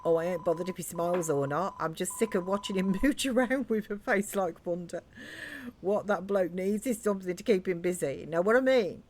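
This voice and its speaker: A woman's voice: on the low side, fairly quick, slight background noise, natural voice. A woman voicing a young Cockney woman, a pub landlord's daughter, blunt and cheeky in her slang. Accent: Cockney put-on. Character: chirpy Cockney barmaid's daughter, blunt and bossy.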